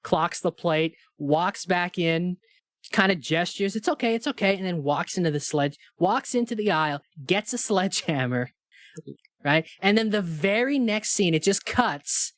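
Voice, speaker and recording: A man's voice: high voice, animated, measured pace, fairly bright tone, no echo. A laid-back man co-hosting a movie podcast, retelling scenes with easy enthusiasm and casual swearing. His voice comes across close and dry, with no room sound. He keeps a loose, chatty rhythm full of fillers. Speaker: podcast co-host. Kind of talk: casual movie review chat.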